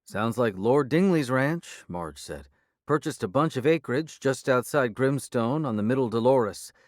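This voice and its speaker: A man voicing a blunt, sardonic small-town woman sheriff, brisk and impatient, in an audiobook. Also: mid-range voice, lively intonation, dry recording, clean studio sound, pitched above the performer's own voice, natural voice. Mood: wry. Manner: brisk, impatient, dryly sarcastic. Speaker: character voice in an audiobook.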